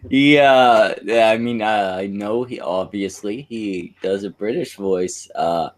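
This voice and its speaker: A man's voice: on the low side, takes it slowly. A man co-hosting a stream, bantering crudely and rambling with lots of fillers. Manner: rambling, many fillers and restarts. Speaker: stream co-host.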